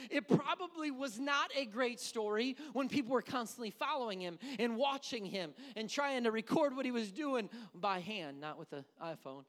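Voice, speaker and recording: A man preaching a sermon to a church, building to shouted, drawn-out emphasis. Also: long reverb tail. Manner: impassioned, shouting climaxes, slowing for emphasis; drops to a soft, low near-whisper at the close. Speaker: pastor.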